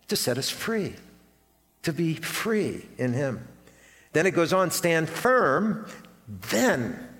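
Older guy pastor, sermon in a big echoey church, voice sits a bit high, chatty storytelling. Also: a bit bright. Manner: folksy storytelling with self-deprecating asides. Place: church sanctuary. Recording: long reverb of a church hall.

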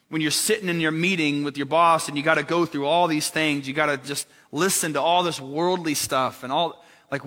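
A man with a fairly high, bright voice delivers a sermon in a relaxed, conversational way. He keeps asking his listeners questions and mixes in light jokes. His voice rings out with a long reverb, as in a large hall. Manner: conversational, asks the congregation rhetorical questions; joking asides with laughter. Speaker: preacher.

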